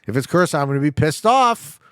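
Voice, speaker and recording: Fairly high-pitched and fast-talking, a Canadian streamer with a clean vocal tone plays a game live. He bantering profanely and excitably with chat, getting worked up over his guesses, recorded in clean studio quality with no echo.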